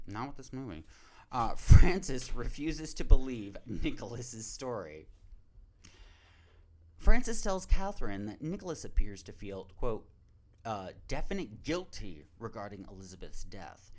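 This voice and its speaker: A man's voice: medium pitch, big pitch swings, a little slow, darkish tone. A man casually reading a movie synopsis aloud as a podcast host, swearing, rambling off on tangents and laughing between lines.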